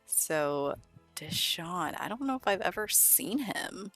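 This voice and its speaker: A woman's voice: on the low side, lively intonation, slow, fairly bright tone, soft background music. A woman casually narrating a life-sim game, chatty with amused asides to the characters on screen. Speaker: gameplay narrator. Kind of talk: casual let's-play narration.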